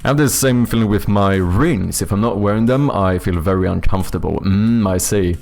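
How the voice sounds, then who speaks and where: Young guy, lowish voice, rambly jokey stream chat, swears a bit. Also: moderate pace, creaky, darkish tone, faint music behind. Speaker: game developer streamer. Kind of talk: casual live-stream chat with viewers.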